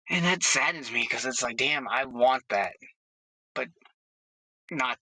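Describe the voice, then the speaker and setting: Holding his phone away from his mouth inside his car, a horror movie vlogger delivers a casual, blunt, profane monologue. His mid-range voice has a sharp tone, and he speaks unhurriedly with frequent pauses. The recording is low quality but has no echo.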